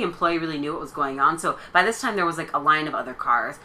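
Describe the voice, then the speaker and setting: Bright-voiced young woman telling a story. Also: deep voice, animated, fairly quick, slight background noise. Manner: chatty, filler-heavy storytelling with lots of "like". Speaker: podcast co-host. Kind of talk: casual storytelling chat.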